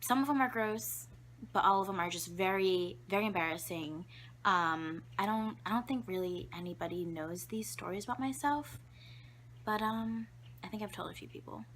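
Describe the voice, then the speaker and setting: Young woman vlogger, bright tone, giggly and rambling, a faint hum behind her. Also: medium pitch, normal speed. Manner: chatty, giggly, lots of fillers; drops to a whisper for asides. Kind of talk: casual storytelling to camera.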